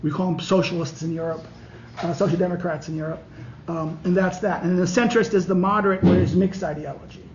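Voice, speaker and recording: Male professor with a high voice, halting lecture style, recorded muffled in a classroom. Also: steady tone, noisy background. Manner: halting, many restarts and fillers, walks through diagrams. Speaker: political science professor.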